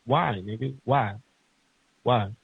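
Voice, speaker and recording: A man's voice: medium pitch, slow pace, gravelly, breathy edge, no room sound. A man hosting a podcast, ranting heatedly and emphatically in casual, profane talk. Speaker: podcast host. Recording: tinny phone-like sound.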